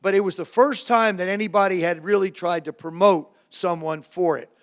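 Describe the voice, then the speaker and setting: Older man, slightly high voice. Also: normal speed. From New Jersey. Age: around 70. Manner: lively anecdotes with self-mocking humor, frequent restarts. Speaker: former quarterback, guest speaker. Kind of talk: storytelling talk to a live audience.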